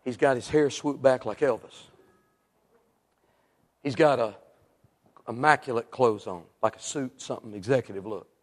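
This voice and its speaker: A male evangelist, telling an animated story in a sermon and acting out the people in it. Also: mid-range voice, moderate pace, long pauses. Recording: long reverb in a large hall.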